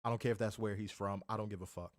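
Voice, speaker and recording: A man's voice: fairly low pitch, steady tone, rapid-fire, no room sound, studio quality. A man co-hosting a wrestling review podcast, ranting in an exasperated way, swearing and repeating himself for emphasis. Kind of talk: casual chat.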